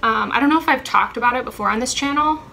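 Chatty young woman, bright voice. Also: fairly high pitch, fast, gravelly, slight background noise. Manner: rambling, chatty, many ums and self-corrections. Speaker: vlogger answering a question tag. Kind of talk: casual chat.

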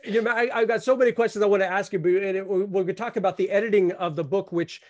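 A man's voice: high-pitched, fairly even intonation, very fast, darkish tone, muffled recording. A man hosting a live interview, asking thoughtful, somewhat hesitant questions with plenty of fillers. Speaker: host.

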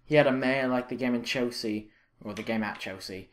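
A young man commentating his own football video game, reacting loudly and with frustration to misses and saves. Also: mid-range voice, a little fast. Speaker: gaming channel host. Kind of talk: live gameplay commentary.

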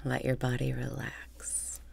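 A woman leading a guided meditation with calm breath cues, often dropping into a half whisper. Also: very deep voice, slow pace, creaky, a little hiss or hum.

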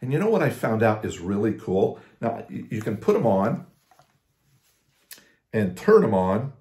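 A man giving a casual devotional talk as a pastor, conversational, with restarts and slow emphasis on scripture. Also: lowish voice, very animated, mellow, echoey room.

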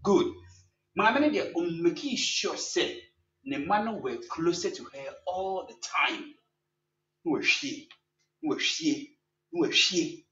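A man with a Ghanaian accent, a church elder preaching a sermon and telling a story with lively sound effects and English phrases mixed in. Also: on the high side, slow, pauses often. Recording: echoey, distant, dull with faint hum.

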